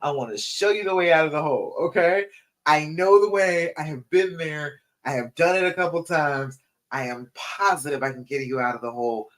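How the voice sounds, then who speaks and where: A woman's voice: deep voice, moderate pace. Encouraging woman coach on a live stream. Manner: encouraging, repeats direct appeals to viewers. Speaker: relationship coach. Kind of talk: live-stream Q&A and pep talk.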